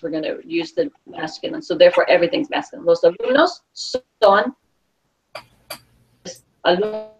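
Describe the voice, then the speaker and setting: A woman with a lowish, slightly mellow voice teaches Spanish, explaining chattily and regularly pausing to ask the class "okay?" The recording is a distant, dull, lo-fi capture of the classroom.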